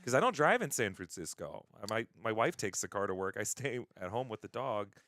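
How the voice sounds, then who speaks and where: A man's voice: on the low side, sing-song, a little fast, a bit bright, dry recording. A man guesting on a live stream, chatting casually with dry, self-deprecating humor.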